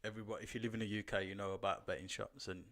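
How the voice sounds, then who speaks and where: A man's voice: lowish voice, level tone, racing, a bit bright. Easygoing man, teasing. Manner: loose, teasing, full of fillers. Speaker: podcast co-host. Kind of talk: casual chat.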